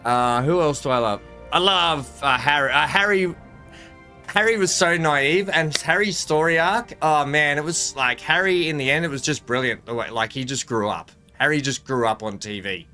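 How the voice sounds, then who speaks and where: A man streaming a game live, chatting in an excitable, rambling way and laughing often. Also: on the high side, normal speed, soft background music. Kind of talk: live gameplay commentary.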